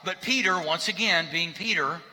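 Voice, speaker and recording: A man's voice: high-pitched, normal speed, pushed and bright. A male pastor giving a sermon in a conversational, joking manner in a church sanctuary. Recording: reverberant hall.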